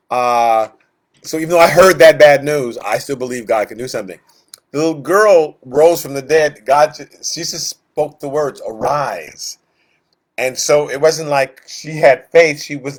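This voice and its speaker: A man leading an informal Bible study, his voice sitting a little higher than most men's. He talks the passage through conversationally, with lots of filler words, and acts out the voices of the people in the story.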